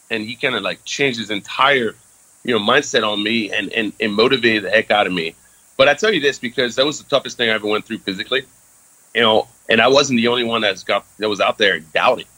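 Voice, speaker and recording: A man in his thirties, from France, with a low voice and a bright, forceful tone. He tells a story as a guest in a casual interview, candid and loose, full of fillers and casual swearing. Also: fast talker, rough recording.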